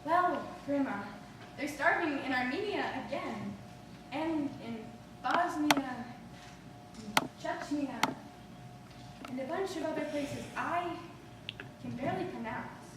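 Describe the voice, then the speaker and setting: On a theater stage, a stage actress delivers a monologue in a high-pitched, expressive voice, slowly and with frequent pauses. Her character is a restless, emotional, ungrateful woman stranded waiting, and she confesses her story in a charged but reflective mood. It's captured as a distant, echoey hall recording with background noise.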